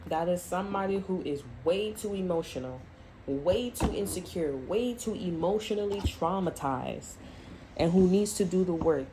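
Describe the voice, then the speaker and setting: A woman's voice: on the low side, lively intonation, normal speed, warm tone, a little hiss or hum, poor audio. A woman giving a casual tarot reading to camera, blunt and profane, often laughing and acting out quoted voices. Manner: acts out voices in quoted asides. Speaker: tarot reader.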